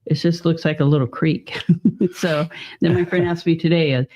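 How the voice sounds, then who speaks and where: A man's voice: on the high side, steady tone, moderate pace, background noise. A man co-hosting a casual talk stream, rambling and chatty, laughing often as he talks. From Northern California. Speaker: podcast co-host. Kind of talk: casual chat. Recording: dull lo-fi stream audio.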